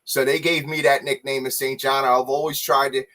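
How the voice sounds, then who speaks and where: A man's voice: medium pitch, little pitch movement, normal speed, bright, forceful tone. A man being interviewed as a guest, talking earnestly about his recovery housing work with frequent chuckles. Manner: earnest, chuckling, restarts words. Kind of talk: casual chat.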